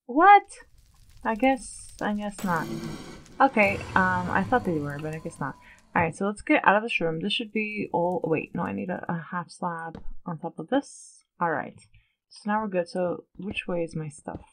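A woman's voice: mid-range voice, slight background noise, low-quality recording. A woman giving casual gameplay commentary, chatty and nervous, often questioning herself aloud. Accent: Long Island put-on at times. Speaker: let's play gamer.

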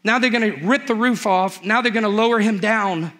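A man's voice: sits high, a little fast, fairly bright tone. A male pastor preaching a sermon in church, telling a story with humor and acting out its characters.

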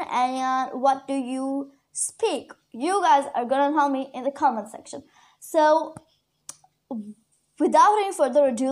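A woman teaching English vocabulary in a chatty online lesson, repeating key words slowly for learners; her first language is Urdu. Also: sits high.

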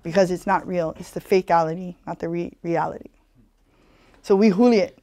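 A woman's voice: fairly low pitch, fairly even intonation, fairly quick, dark tone, dry recording. Hawaiian pidgin-accented woman telling stories at a community talk, conversational, lots of "you know", dry close sound. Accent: Hawaiian Pidgin-tinged English. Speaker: speaker giving a community presentation.

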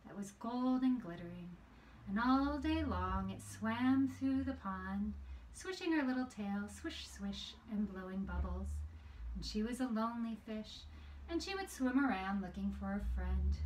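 A woman narrating a children's puppet story in a gentle, sing-song way, adding spoken sound effects. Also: medium pitch, recorded from a distance, slight background noise, low-quality recording.

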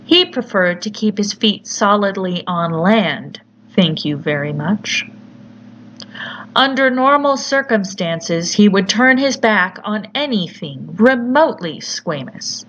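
Slow, deliberate woman narrating horror. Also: mid-range voice, animated, a bit bright. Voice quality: measured, deliberate storytelling. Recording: slightly muffled with faint hiss.

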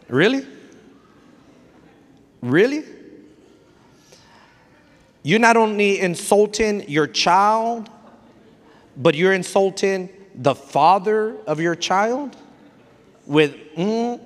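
Pastor, male, high-pitched, emphatic sermon delivery with Spanish phrases mixed in, recorded with long church-hall reverb. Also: expressive, very slow, long pauses. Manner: emphatic, repetitive preaching that mixes in Spanish phrases; direct, exhorting, with playful asides. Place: church sanctuary.

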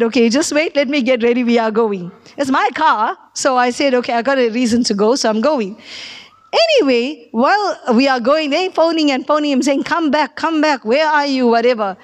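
A middle-aged woman pastor, preaching a sermon and telling a personal story, acting out the people she quotes. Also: a little high. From South Africa.

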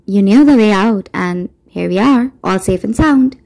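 Casting: woman playing a brisk, mischievous fairy aunt with a mellow voice. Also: medium pitch, animated, gravelly. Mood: breezy.

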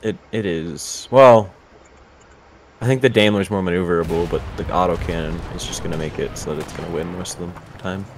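Deep-voiced young man calmly explaining tactics. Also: brisk, noisy background. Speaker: gamer. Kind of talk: casual gaming chat. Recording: game gunfire behind.

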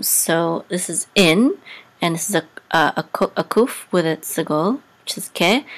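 A woman teaching a Hebrew reading lesson, sounding out syllables slowly, often pausing, correcting herself, and singing the cantillation marks higher. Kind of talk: casual Torah reading lesson.

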